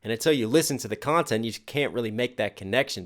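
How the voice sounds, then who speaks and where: A young adult rapper with a lowish voice talks fast, reacting to a music track with casual enthusiasm. He breaks down the lyrics one line at a time.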